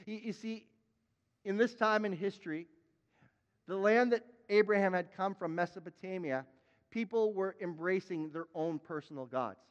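High-voiced preaching man in a hall. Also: normal speed, clear, resonant tone, lo-fi sound. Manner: emphatic preaching with repeated words and sudden shouted appeals. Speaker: pastor. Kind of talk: sermon.

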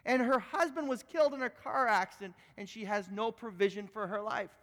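A man's voice: sits high, very animated, a little fast, clear, resonant tone, in a large hall. A man voicing an indignant wealthy male lawyer who fires off outraged, emphatic questions.

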